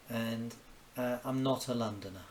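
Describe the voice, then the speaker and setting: Man with a Kent accent, unhurried, rambling live-drawing chat, faint room ambience. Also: medium pitch, slight background noise. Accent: Kent English. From Kent, England. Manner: rambling, mutters to himself, little exclamations. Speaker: cartoonist streaming live. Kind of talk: casual chat while drawing. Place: home, cooking dinner while drawing.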